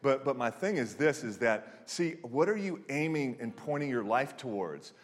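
Pastor in his forties, mid-pitched, preaching casually with stops and restarts, long hall reverb. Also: lively intonation, normal speed. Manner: conversational storytelling with frequent restarts and fillers. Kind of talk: sermon.

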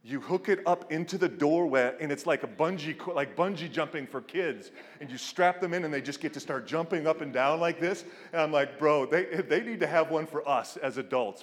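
Middle-aged male pastor, animated sermon, hall reverb. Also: normal speed. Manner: animated storytelling, acts out quotes with big pitch jumps.

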